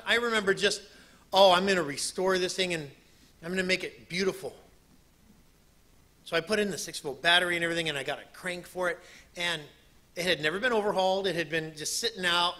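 Bright-voiced, animated male preacher. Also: on the high side. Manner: animated storyteller who acts out quotes. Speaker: preacher and missionary. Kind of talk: sermon with personal story.

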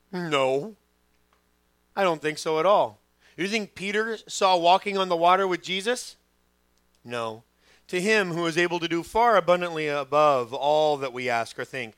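A middle-aged man preaching a sermon as pastor, telling stories with lively quoted voices. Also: on the high side, clean tone, no room sound. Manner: animated storytelling, acting out quoted voices.

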